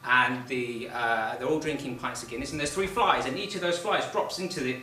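A man's voice: medium pitch, fairly quick, bright, forceful tone, a little hiss or hum. A man telling a stand-up joke as a story building to a punchline. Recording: distant, echoey, humming room.

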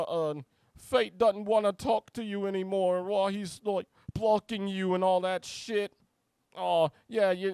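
A man's voice: high-pitched, vocal fry, clean tone, no room sound. A man delivering a heated, profane reaction rant as a YouTube commentator. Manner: heated, profane, shouty outbursts.

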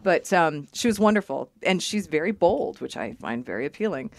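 A woman's voice: lowish voice, animated, a little mellow, no echo. A woman guest on a podcast, chatting casually and candidly, swearing freely and laughing often. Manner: candid, profane, quick to laugh.

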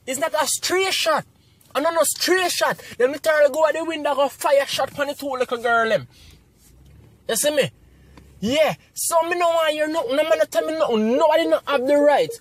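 A man's voice: very high voice, fairly quick, dry recording. A man with a Jamaican accent delivering a heated, preachy commentary rant, firing off rhetorical questions and repeating himself for emphasis. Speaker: online commentator.

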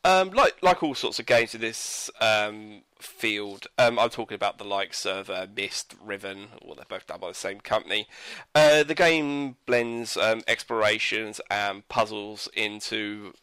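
A man's voice: fairly low pitch, unhurried, sharp tone, clear, resonant tone, no echo. A man reviewing a video game in casual commentary, rambling and hesitant, with frequent fillers and self-corrections.

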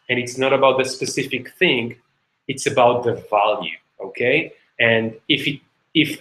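A man leading an online webinar, who chats freely and keeps checking in with "okay?". His voice is bright and sharp, with a medium pitch. The room around him echoes. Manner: chatty, many fillers and "okay?" checks. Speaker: webinar teacher, company co-founder.

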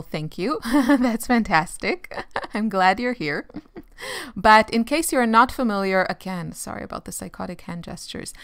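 A woman talks in a relaxed, rambling way about her art supplies, full of fillers and easy laughter. Her voice sits a little low and sounds smooth and clear. The recording is dry and close, with no room sound. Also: no echo. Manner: chatty and rambling, many fillers, laughs often. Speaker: art vlogger. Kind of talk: casual chat while sketching.

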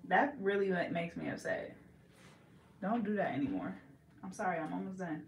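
A woman's voice: lowish voice, lively intonation, moderate pace, echoey room, a little hiss or hum. A young woman from California, a hair braider, chatting playfully and teasing while she works, laughing often. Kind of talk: casual chat while braiding.

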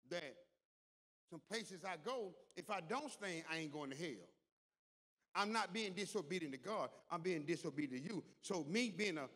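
A pastor delivering a sermon in a church, with call-and-response, repeated words and rising intensity. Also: male voice, a little high. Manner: call-and-response preaching, repeats words, builds to loud climax. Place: large church hall. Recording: long hall reverb.

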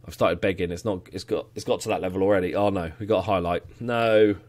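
A man casually commentating his football management game, getting excited, cheering goals and swearing now and then. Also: sits low, quick pace. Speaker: let's play gamer.

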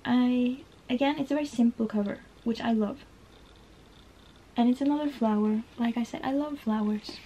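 A woman's voice: fairly high pitch, normal speed, warm tone, slightly rough, low-quality recording. A young woman from Norway chatting about books she loved, emotional and rambling with lots of "like"s. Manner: gushing, emotional, rambling with many "like"s. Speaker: book vlogger. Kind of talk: casual book tag vlog.

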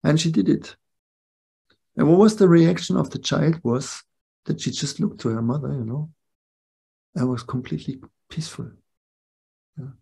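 Gravelly-voiced older man teaching. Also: a little high, warm tone. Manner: reflective, keeps checking in with "yeah?" and "no?". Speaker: spiritual teacher. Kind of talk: spiritual talk to a live group.

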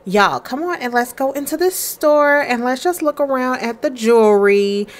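A young woman talks her way through a life-simulation game, friendly and chatty, calling out to her viewers as she plays. Her pitch jumps around a lot, swooping up and down from line to line. She slips in and out of quick little voices for her characters. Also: lively intonation. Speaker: gaming creator playing a life-simulation game. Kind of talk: casual let's-play commentary.

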